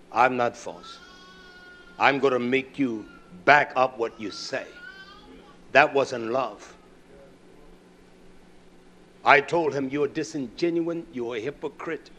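A middle-aged male preacher giving a sermon, swinging from shouted preaching to low, muttered storytelling. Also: slow, pauses often.

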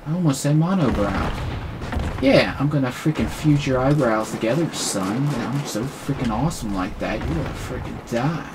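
A young man giving excitable, mocking commentary over his own online shooter match. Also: medium pitch, normal speed, background noise. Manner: trash-talking, excitable, mocking. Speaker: gaming commentator. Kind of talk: live gameplay commentary.

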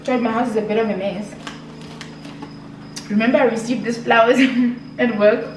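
South African woman, chatty vlogger, fairly high voice, echoey room, mic at a distance. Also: fairly even intonation, normal speed, a little hiss or hum. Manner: gushing, emotional, chatty. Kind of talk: casual vlog chat. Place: home.

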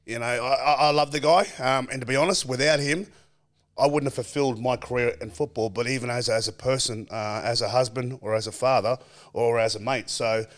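An Australian man in his forties, a former footballer, telling animated stories as a podcast guest and acting out quoted voices. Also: medium pitch. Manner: animated storyteller, acts out quoted voices, laughs often. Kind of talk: casual storytelling chat.

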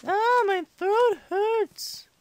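A man voicing an excitable five-year-old boy who rambles through a comedic let's-play commentary. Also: extremely high pitch, very slow, no room sound, heavily acted. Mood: chatty.

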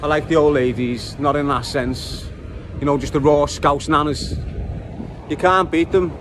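High-voiced Scouse man vlogging outdoors. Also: fairly even intonation, unhurried. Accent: Liverpool. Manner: chatty, swears freely, talks straight to the viewers. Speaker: vlogger giving a city tour. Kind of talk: casual walking-tour vlog. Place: outdoors in a city centre. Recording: loud street noise outdoors.

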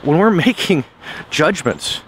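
A man's voice: fairly high pitch, very animated, takes it slowly, a little hiss or hum. A man casually telling a story in a motivational vlog while out on a walk, often repeating words as he goes. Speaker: vlogger. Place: outdoors on a walk.

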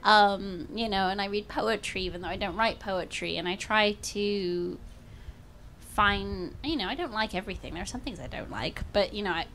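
A woman's voice: mid-range voice, moderate pace, fairly bright tone. Young female author, transatlantic accent, chatty with fillers, light background noise. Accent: mixed British and American. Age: young adult. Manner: chatty, self-deprecating, many fillers. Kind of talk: talk Q&A answers. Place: outdoor bookshop event.

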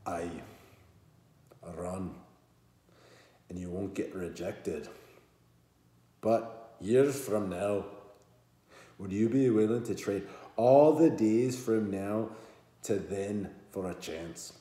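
A man voicing a friend who fakes a bad Scottish accent, giving a stern, drawn-out rousing speech. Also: fairly low pitch, mellow. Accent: put-on Scottish. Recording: roomy echo.

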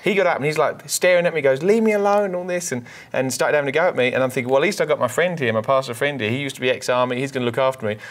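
A man, co-hosting a ministry program, telling an animated personal testimony in conversational preaching style. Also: mid-range voice, racing, few pauses. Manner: animated storyteller, repeats words when excited. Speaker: minister and co-host.

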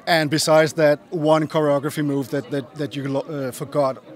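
Man, interviewer, upbeat, joking, fairly high voice. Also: little pitch movement, normal speed. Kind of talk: casual entertainment interview. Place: outdoors at an arena.

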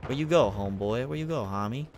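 A young man gaming with a friend, loud and profane, flipping between raging at opponents and apologizing. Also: medium pitch, lively intonation, quick pace, crowd noise. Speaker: gamer streaming with a friend. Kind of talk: casual gaming banter.

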